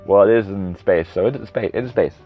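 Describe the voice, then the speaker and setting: Fairly low in pitch and quick in pace, this man in his thirties hosts a solo podcast. He rambles casually, drifts into tangents, and corrects himself along the way. The lo-fi recording sounds dull, with background music playing behind him.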